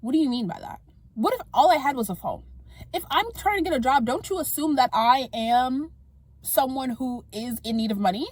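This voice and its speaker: A young woman vlogging in a casual, exasperated rant, tossing in quick asides as she talks to her viewers. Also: high voice, expressive, dry recording. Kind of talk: casual ranting monologue to camera.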